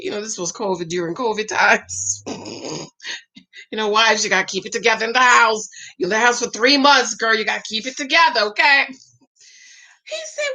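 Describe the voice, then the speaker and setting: A woman talks dating and marriage in an animated, sassy way, speaking to her listeners like girlfriends. Her voice sits high and comes across bright and forceful, and she acts out other people's lines as she tells her stories. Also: normal speed. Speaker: relationship advice vlogger. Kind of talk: casual advice chat to women viewers.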